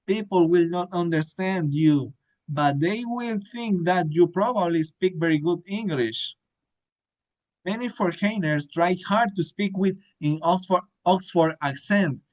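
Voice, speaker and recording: A man reading a book aloud, halting often with hesitations and restarts as he works through the text. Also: on the high side, rough recording. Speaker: reader.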